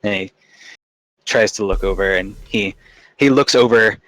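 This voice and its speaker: A man narrating as game master in a relaxed, rambling way. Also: on the low side, moderate pace. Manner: relaxed, filler-heavy narration.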